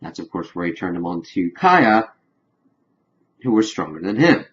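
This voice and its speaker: Casting: man with a lowish voice, rambling casual recap of a show, muffled lo-fi sound. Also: big pitch swings, normal speed, slight background noise. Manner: rambling retelling full of "of course" and "kind of". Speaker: TV episode reviewer.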